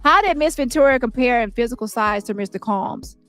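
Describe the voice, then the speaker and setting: A woman reading the part of an attorney questioning a witness in court, with brisk, pointed questions and faint music behind. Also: a little high, a bit bright, voice pushed up, lightly acted. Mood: probing.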